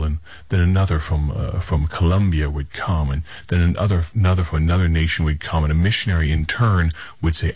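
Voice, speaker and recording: A pastor with a very low, slightly husky voice opens his radio broadcast, setting up the sermon with earnest, conversational storytelling. The sound is close and dry, with no room around him. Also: brisk, a little mellow, no echo.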